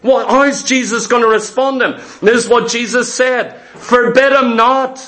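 A man preaching a sermon, retelling scripture stories with animated delivery and acting out the disciples' voices. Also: very high voice, normal speed.

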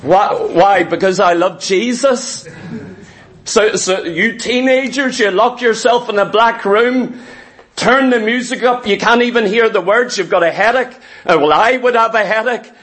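High-voiced man preaching with animated zeal. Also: unhurried. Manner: animated, conversational preaching with repetitions and asides. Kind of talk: sermon.

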